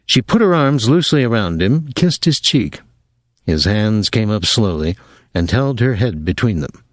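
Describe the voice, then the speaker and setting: A man giving a measured, even audiobook narration of a novel. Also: fairly low pitch, dry recording. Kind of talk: scripted narration.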